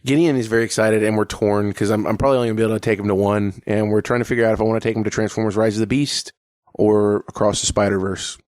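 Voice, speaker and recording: A man's voice: lowish voice, fairly even intonation, racing, darkish tone, dry recording. A man, likely in his late twenties or thirties, co-hosting a podcast in casual chat, joking and swearing easily. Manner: laid-back, profane, joking. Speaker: podcast co-host.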